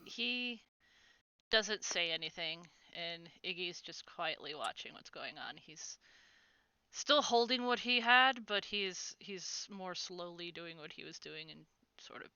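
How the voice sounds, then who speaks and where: A woman runs a tabletop game, describing things slowly with lots of fillers. Her voice is bright and smooth but a little low for a woman. The recording is slightly dull and dry. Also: expressive, dry recording. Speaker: game master.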